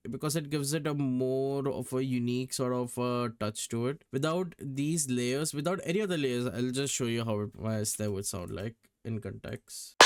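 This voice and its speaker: A man walking through how he built a music track, casual and chatty, repeating words for emphasis. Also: mid-range voice. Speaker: music producer. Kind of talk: tutorial breakdown.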